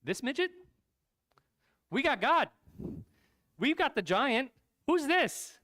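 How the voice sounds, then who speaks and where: A man voicing the young shepherd David as a brash, confident youth, talking up with incredulous excitement while retelling the story in a sermon. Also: normal speed, no room sound, studio quality, full character voice. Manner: incredulous, excited, talks up high.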